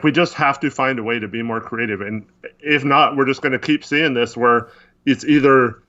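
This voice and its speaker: A man's voice: medium pitch, a bit bright, muffled recording. A man co-hosting a casual sports podcast, rambling and frustrated with lots of fillers. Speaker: podcast co-host.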